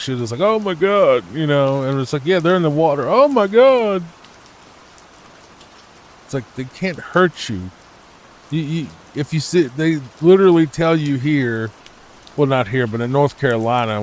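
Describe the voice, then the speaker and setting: A man from the United States giving soft-spoken, rambling gameplay commentary meant for falling asleep, full of hesitations. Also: mid-range voice, a little hiss or hum. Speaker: gaming channel host.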